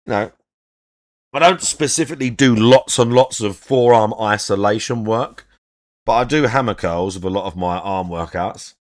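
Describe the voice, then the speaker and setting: A man's voice: lowish voice, normal speed. A man giving reaction commentary, critically explaining arm muscles in a rambling way. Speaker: reaction host.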